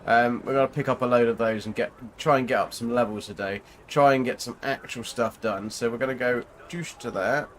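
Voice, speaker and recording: A man's voice: medium pitch, fairly quick, few pauses. A British man chatting through a gaming livestream, playful and joking as he plays. His voice sits mid-range with an easygoing, casual delivery. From Britain. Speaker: gaming streamer.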